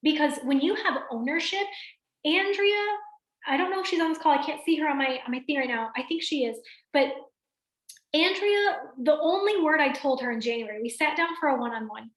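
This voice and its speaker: A woman's voice: sits high, fairly quick, echoey room. A woman leading a motivational team training on a video call, talking energetically and checking in with her listeners. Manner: energetic, addresses listeners directly with frequent "right?". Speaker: team coach.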